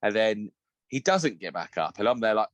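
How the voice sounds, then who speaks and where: Laughing dad telling stories. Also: male voice, lowish voice, normal speed, no echo. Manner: laughs a lot, animated storytelling, swears freely. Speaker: podcast co-host. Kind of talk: casual podcast chat.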